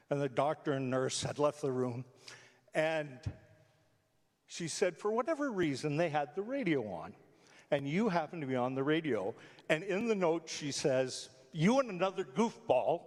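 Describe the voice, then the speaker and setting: A middle-aged or older man, a radio personality, telling emotional stories with animated energy on stage to a live audience. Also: a little high. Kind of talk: storytelling speech to a live audience. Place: theatre stage. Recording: reverberant hall.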